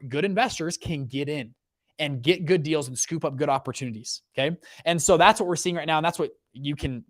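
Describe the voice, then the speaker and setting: A man's voice: fairly high pitch, dry recording, studio quality. A young man hosting a casual livestream about economics and investing. He talks with lots of energy, keeps checking in with "okay" and "right", and restarts his sentences often. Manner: energetic, lots of fillers and okays. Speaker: fund manager and show host.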